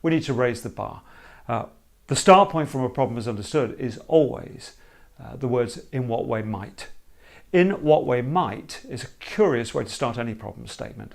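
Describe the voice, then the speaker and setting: A man explaining a creative problem-solving method in an emphatic, animated teaching talk. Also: mid-range voice, normal speed, creaky. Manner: emphatic, animated, acts out hesitant problem owners.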